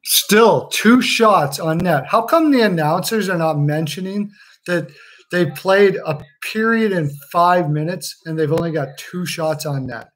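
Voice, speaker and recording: A man's voice: high voice, measured pace, fairly bright tone, low-quality recording. A man chatting casually as he watches a hockey game on a live stream, joking, swearing and laughing often.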